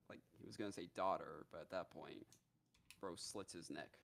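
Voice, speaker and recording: A man on a live gaming stream casually retelling a story, animated and profane, with many fillers. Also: low voice, brisk, gravelly.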